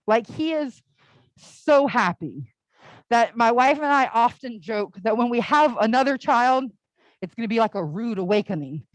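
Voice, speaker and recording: Speaking on the high side, this young woman delivers a relaxed sermon for all ages at church, spinning stories and leaning heavily on "like." The audio is poor, though free of echo.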